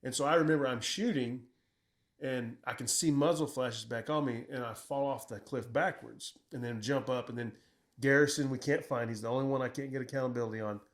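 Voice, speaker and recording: A man's voice: medium pitch, brisk. Blunt, profane middle-aged man telling war stories. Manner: profane, blunt, quotes himself in raised voice. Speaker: military veteran recounting combat. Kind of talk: casual storytelling conversation.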